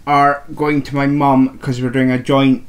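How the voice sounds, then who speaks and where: A man's voice: medium pitch, flat delivery, a little slow. A man co-hosting a crafting podcast at home, chatting casually and showing off yarn to the camera. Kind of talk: casual chat. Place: home, at a table. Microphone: camera on a table.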